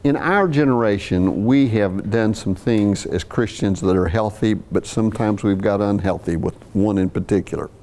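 A man's voice: lowish voice, normal speed, few pauses, a little mellow. A man preaching a sermon, talking through scripture in a conversational way with restarts and asides. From US South.

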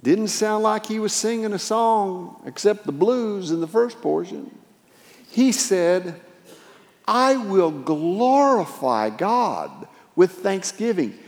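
A man delivers a sermon in a large hall, his voice sitting a little high for a man. He retells scripture dramatically, rising and falling in volume, and the room leaves a long reverb trailing behind him. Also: a little mellow. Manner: dramatic retelling, dynamic pitch and volume swings. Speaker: preacher.

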